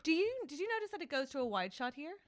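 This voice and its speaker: Woman, podcast co-host, high-pitched, dry close studio sound, animated storytelling. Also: racing, dry recording. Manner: animated, acts out scenes in quoted voices. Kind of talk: casual chat.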